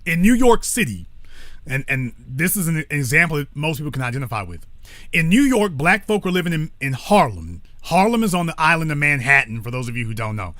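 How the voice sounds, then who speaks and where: A man's voice: a little high, very animated, fairly quick, bright, forceful tone, no room sound. A man hosting a call-in talk show, speaking bluntly with profanity and stopping to correct himself.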